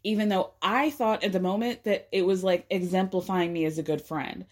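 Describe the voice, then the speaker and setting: A woman's voice: mid-range voice, steady tone, moderate pace, darkish tone, voice pushed down, natural voice. A woman voicing a contrite woman who apologizes and pleads for forgiveness. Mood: pleading.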